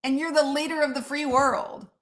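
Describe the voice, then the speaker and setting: Woman host, middle-aged, blunt and profane, slightly high voice, chatty sarcastic commentary. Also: fairly even intonation, moderate pace. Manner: blunt, profane and sarcastic, greeting chat viewers. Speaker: live-stream host. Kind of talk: casual political commentary stream.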